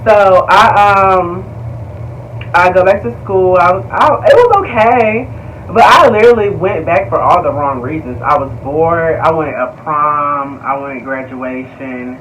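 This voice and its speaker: A young man tells his story straight to his viewers, animated and slangy, peppered with swearing and y'all. His voice sits high. The mic is a bit far off, with faint noise behind him. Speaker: vlogger. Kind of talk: casual storytime vlog.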